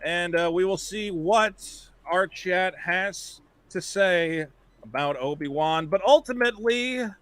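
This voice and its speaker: A man hosting a casual podcast, joking and animated, with loud bursts when he mimics people. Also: high-pitched, unhurried, smooth, dry recording. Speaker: podcast host. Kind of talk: casual chat.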